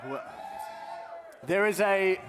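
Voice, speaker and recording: A man's voice: sits high, slow pace, in a large hall, some chatter behind. A man co-hosting a live comedy show and talking to the audience on stage. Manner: animated, addressing audience.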